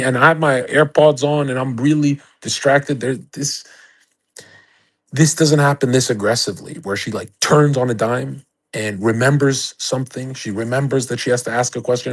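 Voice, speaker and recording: A man's voice: medium pitch, moderate pace, breathy edge, rough recording. A young man hosting a livestream, talking to his chat in a crude, boastful, rambling rant. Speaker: livestream host. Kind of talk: casual rant to a live chat. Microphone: streaming setup.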